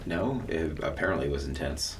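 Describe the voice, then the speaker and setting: A man, a guest making deadpan jokes in a casual podcast chat. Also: rumbling low, normal speed, slight background noise. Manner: deadpan joking.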